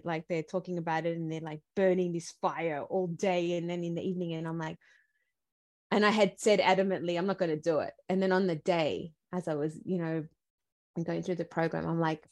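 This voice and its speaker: A woman's voice: lowish voice, normal speed. Chatty woman guest full of fillers. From Latin America. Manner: animated, talks with many fillers and restarts. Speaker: podcast guest. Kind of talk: casual interview chat.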